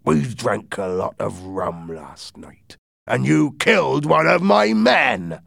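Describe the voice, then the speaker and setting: A man voicing a scheming pirate leader who bargains slowly and threateningly. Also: medium pitch, big pitch swings, creaky, fairly bright tone, no echo, studio quality, voice pushed up, heavily acted. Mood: menacing.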